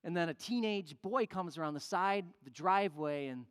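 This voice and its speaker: A pastor preaching a sermon as an animated storyteller who acts out the people in the story. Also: mid-range voice, moderate pace, clear, resonant tone. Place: church sanctuary. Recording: long church reverb.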